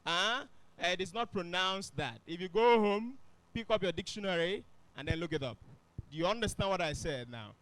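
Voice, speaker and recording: A man's voice: high voice, lively intonation, moderate pace, fairly bright tone, no room sound. A man teaching grammar to a classroom, often asking the students if they follow. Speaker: English teacher. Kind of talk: classroom lesson.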